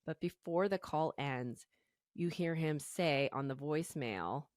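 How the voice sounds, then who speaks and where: A woman co-hosts a true-crime podcast in a low, unhurried voice, walking a friend through the case with easy fillers. The sound is close and dry, with no room around it. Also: dry recording. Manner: chatty, storytelling with fillers like "you know". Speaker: podcast co-host. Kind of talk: casual true-crime chat.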